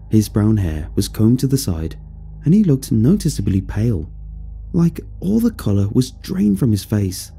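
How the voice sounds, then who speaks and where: Gravelly-voiced man narrating a horror story. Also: on the low side, dark tone. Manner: measured, descriptive storytelling.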